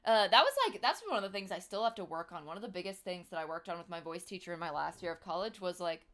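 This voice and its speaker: A woman's voice: lowish voice, quick pace, fairly bright tone. A woman in her twenties chatting casually on a livestream, giggly, with lots of fillers. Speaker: livestream host. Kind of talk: casual livestream chat with singing.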